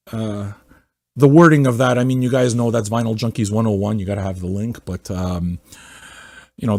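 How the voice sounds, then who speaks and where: A man hosting a music podcast, ranting casually and swearing a lot, swinging from loud mocking outbursts to low muttering. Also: no echo. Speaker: podcast host. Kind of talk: casual profane rant.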